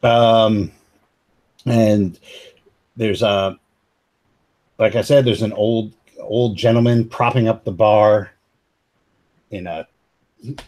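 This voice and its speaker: A man's voice: lowish voice, fairly even intonation, takes it slowly, pauses often, a little mellow. A man narrating a tabletop game as game master, laid-back and rambling.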